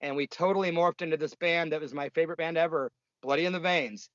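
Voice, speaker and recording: This man in his fifties talks in a blunt, profane, rambling way, full of fillers and restarts. His voice sits a bit high for a man. The sound is dry and dull, like lo-fi remote audio. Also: fast, dry recording. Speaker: punk musician guest. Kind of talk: casual interview storytelling.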